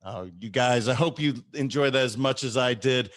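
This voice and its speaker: A man's voice: medium pitch, moderate pace, a bit bright. A man hosting a podcast interview, talking eagerly to his guest and to the listeners, whom he calls "guys". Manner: enthusiastic, addresses listeners as "guys". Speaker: podcast host.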